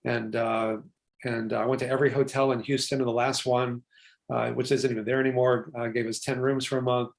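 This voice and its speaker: An older man from Texas, a physician guest telling stories in an interview, talking quickly with asides and quoted dialogue. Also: mid-range voice, flat delivery, gravelly. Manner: fast, chatty, with asides and acted-out quotes. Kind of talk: animated storytelling interview.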